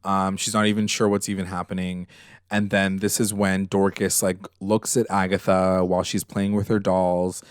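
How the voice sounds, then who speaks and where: Low-voiced man, animated podcast recap. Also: normal speed, clear, resonant tone, dry recording, clean studio sound. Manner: emotional, animated retelling, many fillers and swearing. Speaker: podcast co-host. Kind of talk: casual recap chat.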